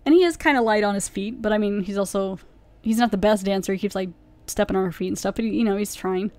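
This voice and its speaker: A woman's voice: medium pitch, fast talker, darkish tone, no room sound. A woman hosting a podcast, casually reviewing an episode and retelling its plot in a rambling way, full of "like" fillers. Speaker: podcast host.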